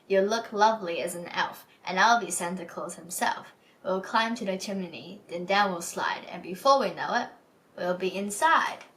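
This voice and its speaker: A woman's voice: medium pitch, normal speed, a bit bright, far from the mic, lightly acted, rough recording. A woman reading as a hefty scheming burglar. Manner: scheming, conspiratorial. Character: hefty male burglar plotting a Christmas theft. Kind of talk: storybook read-aloud.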